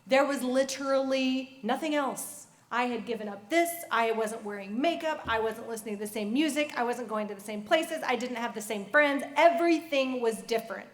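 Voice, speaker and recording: A woman at a youth convention giving an earnest personal testimony that turns soft and quiet at its key points. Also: on the high side, normal speed, hardly any pauses. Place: large convention hall. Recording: echoey hall.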